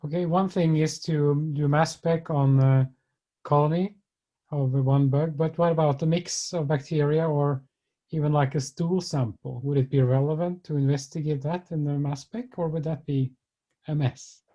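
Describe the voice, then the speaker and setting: A man's voice: on the high side, fairly even intonation, moderate pace, mellow. A man moderating an online meeting, brief and polite, with fillers. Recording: muffled video-call audio.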